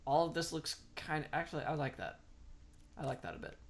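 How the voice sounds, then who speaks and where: A man's voice: fairly high pitch, fairly quick. Chatty man streaming a game. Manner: chatty, rambling, self-deprecating. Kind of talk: casual gameplay commentary.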